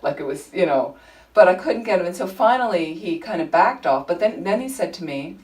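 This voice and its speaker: A woman leading a Buddhist study group, telling anecdotes in an informal, animated way. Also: lowish voice, a little fast, far from the mic, poor audio. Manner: chatty, animated storytelling with frequent laughter. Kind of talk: informal teaching talk with anecdotes. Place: group meeting room.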